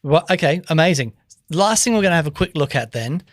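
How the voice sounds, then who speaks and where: A man's voice: on the high side, animated, a little hiss or hum. A man hosting a casual chat show about guitar gear, enthusiastic and playful. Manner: enthusiastic, playful, drawn-out musing. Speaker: host.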